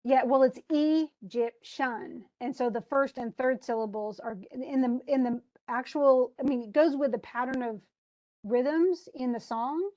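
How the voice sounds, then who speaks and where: A woman's voice: high-pitched, normal speed, darkish tone. A woman tutoring a student one-on-one, chatty and patient, explaining with spoken examples and laughing easily. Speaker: English instructor.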